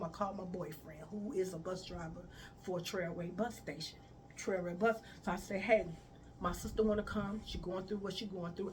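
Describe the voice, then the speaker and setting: A woman's voice: mid-range voice, recorded from a distance, slight background noise. A woman telling a personal story to her viewers, talking casually and acting out the dialogue of the people in it. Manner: conversational, addresses viewers as y'all, quotes others in dialogue. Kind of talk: emotional storytime vlog.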